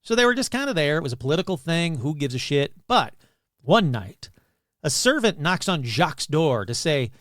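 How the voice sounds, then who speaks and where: A man's voice: on the high side, sing-song, moderate pace, a bit bright, no room sound, clean studio sound. A man hosting a podcast, telling ghost stories casually with crude jokes and asides. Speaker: podcast host. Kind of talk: casual comedic storytelling.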